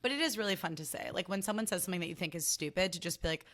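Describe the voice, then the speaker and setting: Young woman rambling on her podcast, sassy and jokey, bright tense voice but sits lowish. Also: rapid-fire. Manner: animated, sassy and self-mocking, often acting out quotes. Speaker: podcast host. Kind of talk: casual solo podcast chat.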